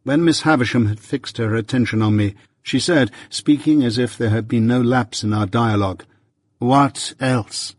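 Husky man narrating a novel. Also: mid-range voice, dry recording, studio quality. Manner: earnest, measured storytelling. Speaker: audiobook narrator. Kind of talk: first-person novel narration.

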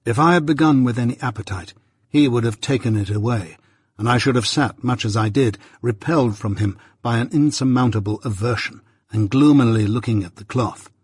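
A man reads a classic novel aloud in the first person, with steady, measured storytelling. His voice is slightly husky and mid-pitched. The recording is close and dry. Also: no room sound. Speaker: audiobook narrator. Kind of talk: scripted first-person narration.

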